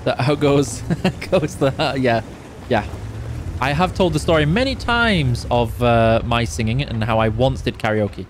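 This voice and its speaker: A man's voice: medium pitch, unhurried, a little hiss or hum. Tired, chatty man streaming. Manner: chatty, reads chat aloud, hums along while playing. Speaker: game streamer on official channel. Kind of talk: casual live-stream chat while gaming.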